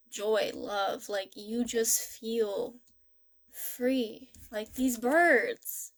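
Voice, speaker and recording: A young woman giving a tarot reading in a gentle, rambling, casual way, with many restarts. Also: fairly high pitch. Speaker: tarot reader.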